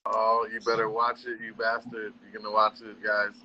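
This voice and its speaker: A man co-hosting a podcast, chiming in with quick jokes and movie references in casual chat. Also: lowish voice, completely flat delivery, bright, forceful tone, a little hiss or hum. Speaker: podcast co-host. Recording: dull lo-fi sound.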